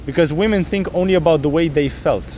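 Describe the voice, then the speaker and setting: A man with a fairly high voice coaches outdoors on a city street. He explains his approach with energy and slips into acted snippets of his pickup lines. Faint traffic hums behind him. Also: fast talker. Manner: animated, acts out pickup lines in different voices. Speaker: dating coach.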